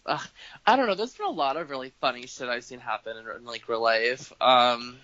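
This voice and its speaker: The dry, dull lo-fi home recording captures a podcast guest with a medium-pitched voice who talks fairly quickly. He rambles through casual anecdotes, cursing freely and animatedly voicing the people in them.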